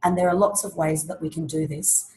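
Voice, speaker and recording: A woman presenting an online teaching webinar, explaining classroom activities in a lively way and acting out examples. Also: low voice, a little fast, slight background noise, low-quality recording. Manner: lively, demonstrates classroom voices and chants.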